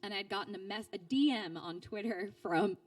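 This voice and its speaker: At a normal speed and from a distance, a thirtysomething woman who voices characters for a living chats through stories in an informal interview. She restarts often, leans on fillers, and animates quoted speech with big pitch jumps.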